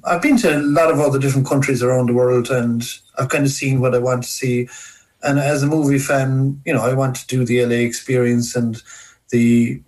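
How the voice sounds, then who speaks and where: A man's voice: mid-range voice, rough recording. Thoughtful Irish man with a Cork accent. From Ireland. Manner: thoughtful, explanatory, with frequent ums. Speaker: guest horror film correspondent. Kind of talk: podcast conversation.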